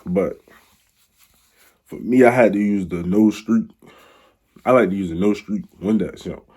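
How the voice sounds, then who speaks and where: Young dude rambling thru a storytime, low husky voice, lots of slang. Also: male voice, unhurried, dark tone. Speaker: vlogger. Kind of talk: casual storytime.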